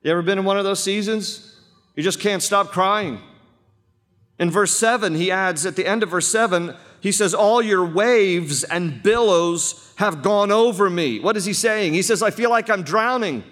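A man's voice: high voice, moderate pace, fairly bright tone. A man, a pastor, preaching a sermon to a church congregation, emphatic and repeating phrases for weight. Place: church sanctuary. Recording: long reverb of a church hall.

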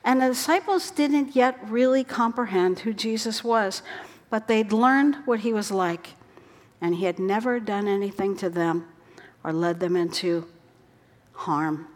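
A woman preaching a sermon in an earnest way, her voice dropping soft for quoted words. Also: mid-range voice, measured pace. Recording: long hall reverb.

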